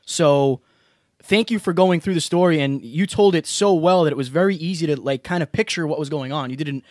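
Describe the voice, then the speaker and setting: A male podcast host with a fairly high voice, recorded dry and close with no room sound. He talks casually and effusively, full of praise for his guest. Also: a little fast, darkish tone, no room sound. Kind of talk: casual interview chat.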